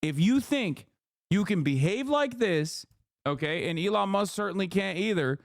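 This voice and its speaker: A man's voice: sits high, lively intonation, moderate pace, dry recording, clean studio sound. A man giving heated, profane reaction commentary on a livestream, ranting and mocking what he reads. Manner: mocking quoted voices. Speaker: streamer.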